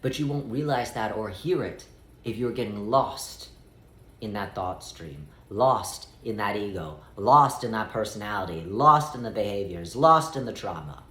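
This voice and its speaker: A man giving a spiritual guidance talk, speaking as "we" in a measured way and stretching out key phrases. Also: on the low side, a bit bright, roomy sound. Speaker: spiritual teacher.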